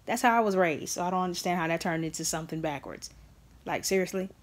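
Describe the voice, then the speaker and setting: A woman's voice: lowish voice, quick pace. A woman vlogger talking straight to the camera, telling a personal story in an earnest and emphatic way.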